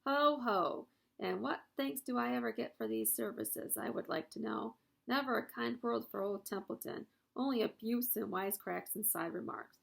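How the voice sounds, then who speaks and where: A woman's voice: fairly high pitch, normal speed, vocal fry, a bit bright, heavily acted. A woman doing a sarcastic grumbling rat. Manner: mocking and grumbling. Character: lazy, sarcastic male rat, grumbling and sly.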